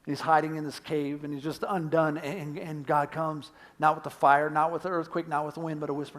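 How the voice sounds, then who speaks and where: A male pastor delivering a sermon with a somewhat high voice. He is earnest and pleading, pushing hard on key points before dropping to a hush. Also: little pitch movement, a little fast, hardly any pauses. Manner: earnest, swings from emphatic to hushed.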